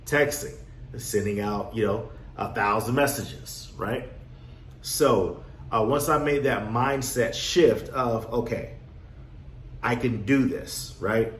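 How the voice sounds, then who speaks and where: A man coaching on real estate wholesaling in a casual motivational talk, acting out his own past with lively energy. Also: lowish voice, slow. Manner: animated storyteller, acts out his younger self. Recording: echoey room, faint background noise.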